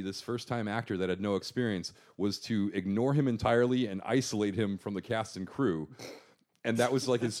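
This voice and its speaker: A man's voice: on the low side, a little mellow. A man hosting a casual movie podcast, rambling and restarting his sentences, laughing often. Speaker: podcast host. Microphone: podcast microphone.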